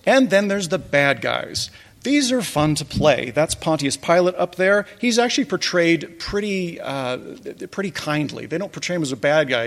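A man's voice: on the high side, creaky, long reverb tail. A man giving a casual talk over slides, telling wry stories with chuckling asides. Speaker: presenter recounting a church pageant.

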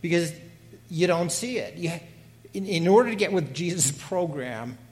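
A man speaks in a fairly high voice for a man, earnestly responding in a panel discussion. His delivery is emphatic and preacherly, building through repeated phrases. He hesitates often, filling pauses and restarting his sentences. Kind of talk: earnest discussion comment on scripture.

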